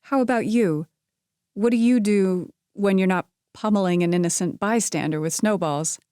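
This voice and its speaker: A woman's voice: medium pitch, normal speed, warm tone, smooth, no echo, studio quality, close to an everyday voice. A woman voicing a witty young woman in a romance story, speaking in a teasing, quippy way. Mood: playful.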